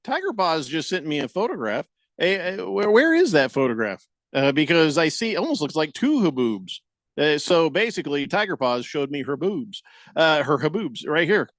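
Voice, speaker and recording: A man's voice: a little high, big pitch swings, moderate pace, fairly bright tone, no echo, clean studio sound. A man hosting a radio show, joking and reading listener comments aloud in casual banter.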